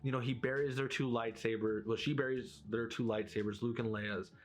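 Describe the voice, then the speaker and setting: Rambling, animated man in casual chat. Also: medium pitch, fairly quick, soft background music. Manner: rambling and animated, full of filler words. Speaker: video creator.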